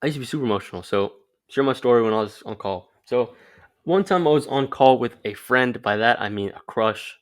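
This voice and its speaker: A young man talks through his dating advice in a loose, offhand way, dropping "like" between phrases as he goes. His voice sits at an ordinary middle pitch, and he speaks the way you would with a friend. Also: fairly quick. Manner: rambling, loose, lots of "like" fillers. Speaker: vlogger. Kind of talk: casual advice monologue.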